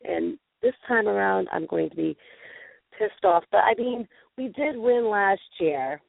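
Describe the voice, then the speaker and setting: A woman hosting a casual internet radio talk show, sniffly with a cold, from New England, talking in an animated, rambling way. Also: medium pitch, a little slow, gravelly, no room sound. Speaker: show host. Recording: tinny phone-line audio.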